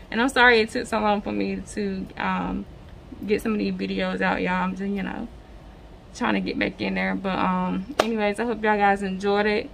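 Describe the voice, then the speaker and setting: Congested woman with a raspy, gravelly voice. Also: medium pitch, flat delivery, normal speed, fairly bright tone, slight background noise. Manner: enthusiastic, many fillers. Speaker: reaction video host. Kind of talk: casual chat.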